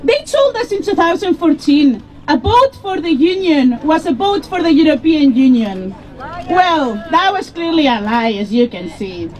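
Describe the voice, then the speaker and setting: A woman's voice: sits high, very animated, normal speed, darkish tone, low-quality recording. A young woman giving a fervent speech at an outdoor political rally, laughing between points. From EU country outside the UK. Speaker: rally speaker.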